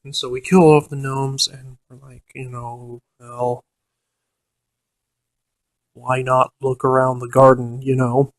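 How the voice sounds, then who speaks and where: A man's voice: mid-range voice, flat delivery, slow, pauses often, no room sound. Man, casual profane storyteller, fillers and restarts, dry close recording. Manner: quotes the game master in a mocking voice. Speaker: storyteller recounting a tabletop game. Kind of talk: casual anecdote.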